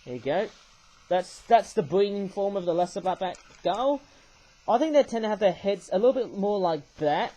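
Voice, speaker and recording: A man's voice: high voice, lively intonation, moderate pace, warm tone, poor audio. A man talking casually as he reviews toys, rambling and hesitant, often ending thoughts with a questioning "eh?". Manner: rambling, tags remarks with "I suppose, eh?"; hesitant, many fillers and restarts. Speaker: toy reviewer. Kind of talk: casual toy review talk.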